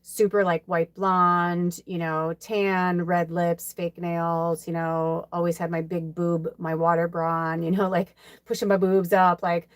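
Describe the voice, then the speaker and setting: A middle-aged woman from South Side Chicago, USA, hosts a live card reading in casual stream chat, rambling with many fillers and laughs. Her lowish voice is level and unhurried with few pauses, clean in tone and dry in the recording.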